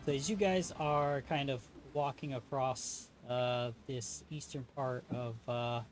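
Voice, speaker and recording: A man narrating as game master of a tabletop game, pausing often with ums and uhs. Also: medium pitch, steady tone, slight background noise. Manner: halting, many ums and uhs.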